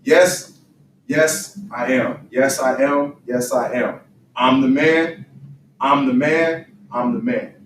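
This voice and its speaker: Speaking slowly at a medium pitch with a fairly bright tone, a man gives young men a preaching motivational talk full of emphasis and call-and-response. The mic is distant, so the roomy space echoes and a faint hiss lies under his voice.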